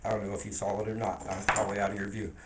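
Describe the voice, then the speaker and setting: A man's voice: lowish voice, monotone, rapid-fire, far from the mic. A man talking casually to camera in a rambling, slangy way, often laughing. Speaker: vlogger. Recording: echoey room with faint ambient noise.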